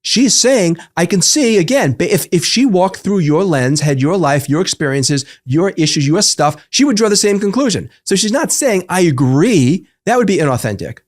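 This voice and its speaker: A man in a podcast conversation, explaining calmly as a psychologist and acting out little quoted voices with humor. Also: high voice, moderate pace, hardly any pauses. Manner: animated teacher, acts out quotes, jokes. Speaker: psychologist guest.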